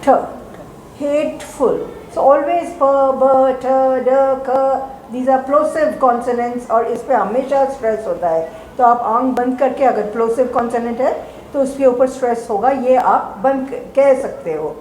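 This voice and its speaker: A woman's voice: sits high, very fast, darkish tone. A woman teacher with an Indian English accent, explaining step by step at a group meeting and switching between English and Hindi. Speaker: teacher and mentor. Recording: echoey room, faint background noise.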